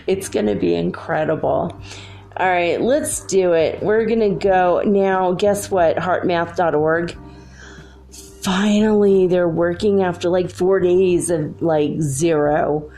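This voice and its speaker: A woman's voice: fairly low pitch, takes it slowly, mellow, soft background music. A woman hosting a casual solo spiritual talk from her room at home, bubbly and full of "like"s. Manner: chatty, bubbly, many "like"s. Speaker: spiritual channel host.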